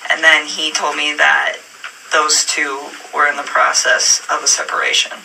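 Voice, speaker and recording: A woman speaks hesitantly in a police interview, with a gravelly edge and a sharp, tense tone. She is picked up by a distant room mic, with faint noise underneath. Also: low-pitched, flat delivery, moderate pace. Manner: hesitant, many fillers and restarts. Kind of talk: police interview, recounting events.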